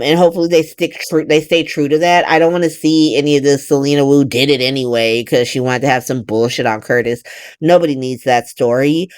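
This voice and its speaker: A woman's voice: sits low, darkish tone, no room sound, studio quality. A woman casually recapping a soap opera as host, blunt and profane, acting out the characters' lines.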